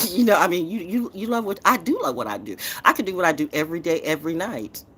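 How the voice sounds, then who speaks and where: A woman's voice: on the low side, lively intonation, fast, a little hiss or hum. A woman poet who hosts her own show, ranting in a defiant, profane, trash-talking way. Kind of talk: confrontational rant.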